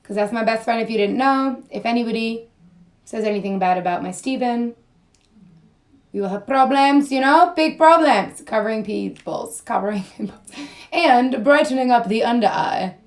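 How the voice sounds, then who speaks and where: A woman's voice: on the high side, moderate pace. A young woman rambling in a goofy, sing-song way as she chats on a live stream while doing her makeup, her voice a bit strained. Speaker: model and influencer.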